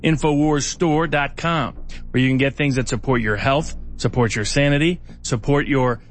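A male show host giving steady, matter-of-fact commentary and a sponsor read. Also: medium pitch, moderate pace.

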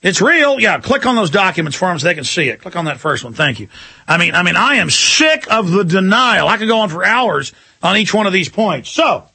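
High gravelly ranting radio host. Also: male voice, sharp tone, dry recording. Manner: ranting, urgent and combative. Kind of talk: talk radio monologue.

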